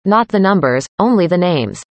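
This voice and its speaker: Woman, scripted practice dialogue, careful clear delivery, slightly low pitch, dry recording. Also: lively intonation, normal speed, dry recording. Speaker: dialogue reader.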